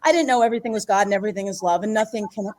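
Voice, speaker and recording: A middle-aged woman from the Philadelphia area telling a personal story in a casual, animated way, laughing often and acting out what people said. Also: mid-range voice, rapid-fire, low-quality recording. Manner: animated, laughs often, acts out quoted voices. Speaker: podcast guest.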